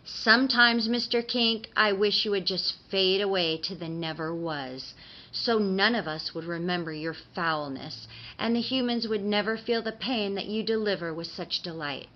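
A woman's voice: mid-range voice, moderate pace, close to an everyday voice. A woman voicing a prim, earnest tooth fairy who scolds and then apologizes, on slightly dull audio. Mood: weary.

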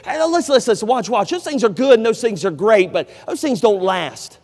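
High-voiced fervent male preacher. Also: lively intonation, brisk, a little mellow, big-room sound. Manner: fervent, repetitive exhortation. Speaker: preacher at college chapel. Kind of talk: sermon. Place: large chapel.

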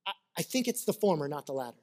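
A man's voice: on the high side, very animated, rapid-fire, darkish tone. Earnest preaching man. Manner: earnest, conversational preaching with personal stories. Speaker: pastor. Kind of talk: sermon.

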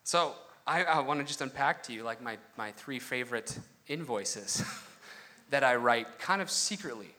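Animated, bright-voiced male preacher. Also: mid-range voice, moderate pace. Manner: animated, conversational preaching with frequent asides. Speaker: pastor. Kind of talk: sermon.

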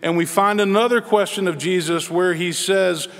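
Male pastor, high voice, earnest measured sermon delivery, recorded with long hall reverb. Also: steady tone, vocal fry, fairly bright tone. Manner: earnest, measured preaching with pauses.

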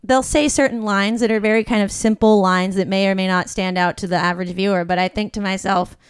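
An actress chatting casually, self-conscious and quick to laugh. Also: female voice, mid-range voice, fairly even intonation, smooth, dry recording. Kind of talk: casual chat.

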